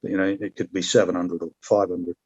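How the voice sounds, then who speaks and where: Deep, husky and level, the voice of an ex-paratrooper from Britain moves along fairly quickly as he shares war stories with a podcast host. His talk is casual, full of swearing, false starts and side comments, captured on dull audio.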